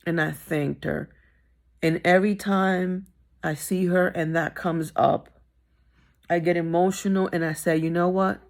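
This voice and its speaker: Low gravelly woman telling her story. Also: fairly even intonation, measured pace. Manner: candid, emphatic, repeats phrases for stress. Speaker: vlogger. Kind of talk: personal storytelling vlog.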